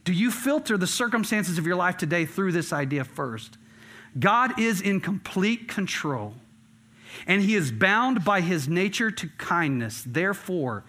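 A middle-aged male pastor preaching in a high, bright voice. He moves from earnest emphasis into relaxed, chatty storytelling. His delivery stays conversational throughout. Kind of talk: sermon.

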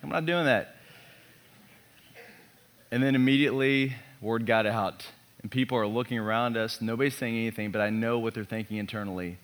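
A man in his thirties, a pastor preaching a sermon built around a personal story, animated and self-mocking. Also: mid-range voice, a little fast.

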